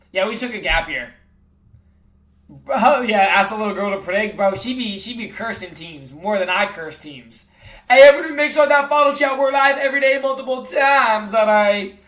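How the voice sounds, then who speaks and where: A man's voice: high-pitched, fairly bright tone. Brash trash-talking streamer guy, roomy sound. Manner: brash trash-talking, calls everyone bro. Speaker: sports livestreamer. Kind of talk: casual live chat with viewers.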